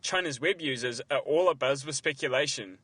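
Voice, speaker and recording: Bright-voiced male news reporter outdoors. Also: mid-range voice, breathy edge, no echo. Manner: measured, even reporting delivery.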